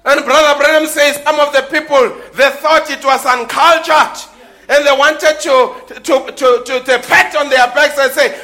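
High-voiced man preaching with fervent shouts. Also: measured pace. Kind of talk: sermon. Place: church before a congregation.

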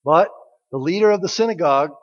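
A man's voice: sits high, quick pace. A man preaching a sermon as a pastor, speaking in a conversational, joking way and asking the congregation questions. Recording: dull audio with long hall reverb.

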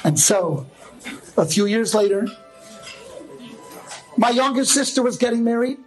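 A man, a rabbi, telling a humorous personal story in a lively way, often laughing as he goes. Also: very high-pitched, a little slow, soft background music, low-quality recording. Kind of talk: storytelling monologue.

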